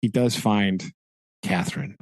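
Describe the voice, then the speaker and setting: A man co-hosting a casual book discussion, animated, acting out the characters' lines as he retells scenes. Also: fairly low pitch, unhurried, dry recording. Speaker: podcast co-host.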